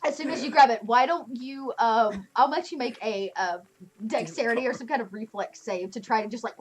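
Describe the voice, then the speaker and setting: A woman's voice: fairly high pitch, a little fast, slight background noise. A woman narrating a tabletop game as game master, chatty and laughing often, with lots of fillers.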